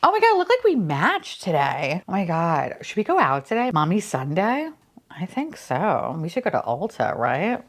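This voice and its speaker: A young woman doing a casual unboxing vlog, gushing and cooing over toys, with playful swearing and swings between high squeals and low asides. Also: wildly swooping pitch, moderate pace. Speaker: unboxing vlogger.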